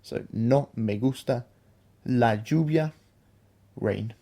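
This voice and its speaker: Male podcast teacher, patient and explanatory, mellow low-key tone. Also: takes it slowly. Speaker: language teacher, podcast co-host. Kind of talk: explaining a beginner language lesson.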